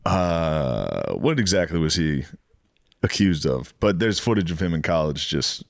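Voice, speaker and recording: A man co-hosting a podcast, trading crude jokes and quick comebacks in a casual chat. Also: rumbling low, very animated, gravelly, no room sound, clean studio sound. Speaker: podcast co-host.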